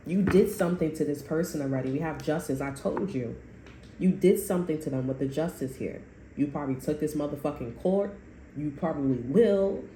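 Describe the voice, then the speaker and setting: A woman with a low, mellow voice gives a casual tarot reading. She talks bluntly, swears freely and circles back over her points. Her voice carries a roomy echo over faint background noise. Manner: blunt and profane, rambling, repeats itself. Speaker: tarot reader.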